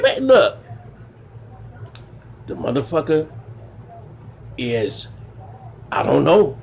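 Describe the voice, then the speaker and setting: A man doing stand-up, telling rough profane stories in an animated way and jumping into loud high exclamations. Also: takes it slowly, pauses often, a little hiss or hum. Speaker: stand-up comedian. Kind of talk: stand-up storytelling.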